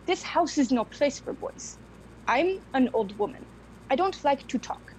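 A woman's voice: sits high, expressive, a little slow, slight background noise, low-quality recording. An actress playing a stern, bitter old grandmother who speaks in curt, hard sentences. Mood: cold refusal. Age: older. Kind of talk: film drama acting.

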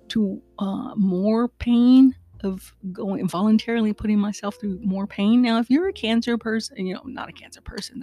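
Outspoken woman host, warm mellow tone, mid pitch, faint music under her. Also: no room sound. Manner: earnest, outspoken, with frequent fillers and asides to listeners. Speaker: podcast host. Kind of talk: casual solo podcast monologue.

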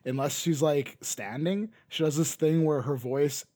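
A Canadian-accented man with a slightly high, mellow voice co-hosts a podcast at a measured pace. He chats casually and rambles, often restarting sentences and laughing between his remarks.

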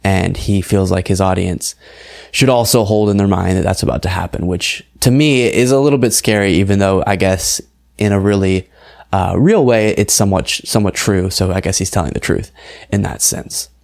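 Young male online news host, lowish voice, chatty and incredulous. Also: normal speed, creaky, a little mellow. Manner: conversational, incredulous, with fillers and laughs. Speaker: political commentary show host. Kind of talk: casual online news commentary.

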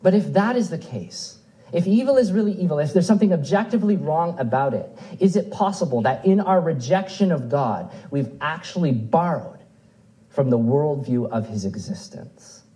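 A man delivering a sermon with a mellow, warm tone and a slightly raised pitch. He speaks earnestly, leaning into quotations and lifting his voice for emphasis before dropping it low. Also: expressive, moderate pace, poor audio. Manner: earnest, rising and falling emphasis, quotes scripture aloud. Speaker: pastor.

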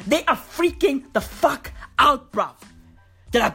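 A woman's voice: high voice, expressive, slow, faint music behind. Swearing woman's comedy rant. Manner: loud, swearing, mocking, full of slang.

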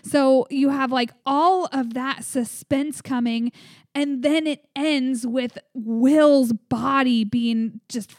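A woman's voice: high-pitched, fairly even intonation, takes it slowly, a little mellow, no echo, clean studio sound. A woman co-hosting a podcast, chatting casually as she recaps an episode and acts out lines from the scenes. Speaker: podcast co-host.

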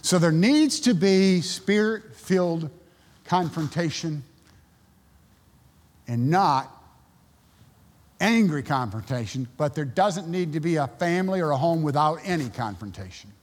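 A man's voice: a little high, expressive, a little slow, long pauses, a little mellow, long reverb tail. A male pastor preaching a sermon, telling stories and acting out the voices of people he quotes. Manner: storytelling, acts out quoted voices.

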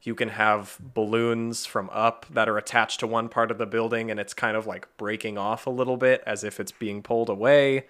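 A man's voice: on the low side, level tone, normal speed, hardly any pauses, fairly bright tone. A man co-hosting a podcast, brainstorming eagerly in casual chat, with lots of filler words. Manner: enthusiastic, full of filler words. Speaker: podcast co-host.

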